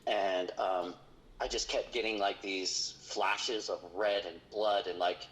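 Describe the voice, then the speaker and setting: A man with a somewhat low voice recounts a frightening investigation in a relaxed, conversational way. He talks haltingly, stumbling and restarting often and filling gaps with "um" and "like". He sounds like a paranormal investigator telling his story to a host. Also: low-quality recording. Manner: halting, full of restarts and fillers.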